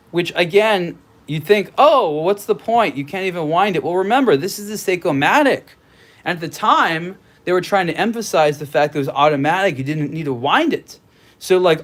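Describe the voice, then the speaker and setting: Man, middle-aged, casual home livestream host, rambling, fairly high voice. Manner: rambling, thinks aloud with many restarts and fillers. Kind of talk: casual livestream chat reading viewer comments.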